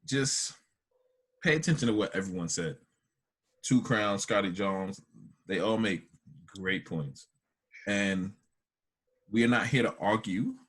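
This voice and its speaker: Husky low man with animated delivery. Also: takes it slowly, long pauses. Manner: playful, animated, leans on repetition. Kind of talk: casual debate chat.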